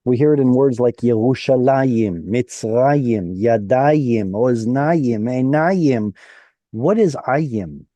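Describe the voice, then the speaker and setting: A man leads an online Hebrew reading lesson at an unhurried pace. His voice is mellow and dry, and he explains each point patiently, step by step, over a video call. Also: mid-range voice, no room sound. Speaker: Hebrew teacher. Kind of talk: online class teaching.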